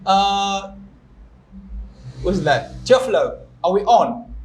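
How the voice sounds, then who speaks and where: This young male host speaks a little high and keeps things chatty and playful, breaking off to explain pronunciation with worked examples. His voice rings around an echoey room, with a faint hiss of noise behind it. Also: very animated, takes it slowly. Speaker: English teacher and show host. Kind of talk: live-streamed interview.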